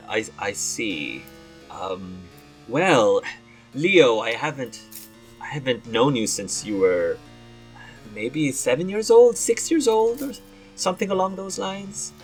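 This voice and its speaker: A man voicing a pampered, fussy rich nobleman who gushes and flusters in a high, fluttery voice. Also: very animated, slow pace, faint music behind. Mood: flustered.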